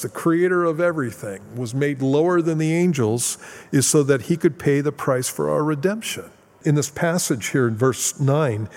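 A man's voice: mid-range voice, a little mellow, long reverb tail. A man preaching a sermon as pastor, explaining Bible verses with plain, casual asides.

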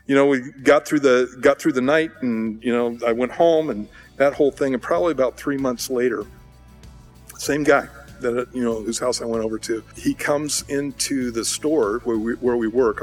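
Male pastor, mid-pitch, chatty sermon storytelling, faint music bed. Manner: conversational, acts out voices in anecdotes.

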